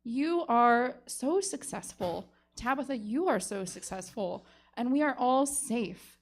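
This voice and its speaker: A woman delivering a comic mock closing argument, soothing and then shouting, laughing through her lines. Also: a little high, expressive, takes it slowly. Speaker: comedy panelist.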